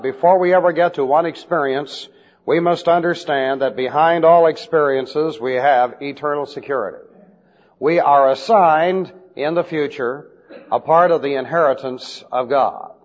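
Guy preaching a bible lesson, slightly high voice, old muffled tape with a long echo. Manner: spells out Greek words letter by letter; slow, deliberate emphasis on key phrases. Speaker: pastor. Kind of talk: expository Bible teaching. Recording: dull lo-fi recording with long hall reverb.

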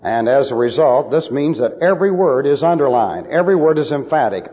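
A man's voice: mid-range voice, animated, a little fast, hardly any pauses, long reverb tail, muffled recording. A male preacher giving emphatic, lecture-style Bible teaching with numbered points.

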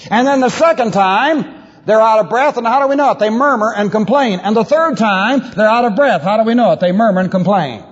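A high-voiced man preaching with wide, swooping pitch and a slightly husky tone. He teaches from scripture with emphatic rhetorical questions. The recording is dull and lo-fi, with long reverb from a large hall. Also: a little fast. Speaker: pastor. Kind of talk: expository Bible teaching.

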